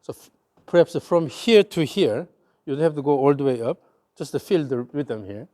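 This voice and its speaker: A man with a Korean accent coaches a golf swing in a mellow, warm voice. He talks in an instructive way and repeats short cues over and over in rhythm with the movement. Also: fairly high pitch, animated, moderate pace. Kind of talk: hands-on coaching.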